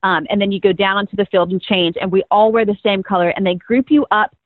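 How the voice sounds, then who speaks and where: A woman's voice: medium pitch, fairly even intonation, fast talker, no echo. A young woman in her twenties tells her story in a bubbly, talkative way and laughs easily. Her voice comes through a narrow, tinny phone-like line. The sound is dry, with no room around it. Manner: bubbly, chatty, laughs often. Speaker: guest, first-year pro cheerleader. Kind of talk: casual interview storytelling.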